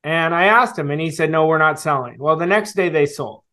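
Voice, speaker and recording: A man's voice: on the high side, pushed and bright. Earnest man telling his story. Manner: reflective, earnest, with fillers and pauses. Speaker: guest, sales coach. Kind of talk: storytelling interview answer.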